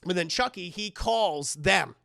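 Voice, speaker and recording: A rambling man retelling a film to his stream chat, swearing and restarting his sentences as he goes. His voice is gravelly and bright. The sound is dry and close. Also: sits high, measured pace, no echo. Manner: rambling, profane, talks to chat, many restarts. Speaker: livestream movie reviewer. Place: home streaming setup.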